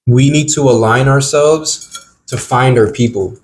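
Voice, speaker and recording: A man's voice: mid-range voice, unhurried, a little hiss or hum. A man co-hosting a casual podcast while eating, with playful, exaggerated reactions and lots of "bro". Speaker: podcast co-host.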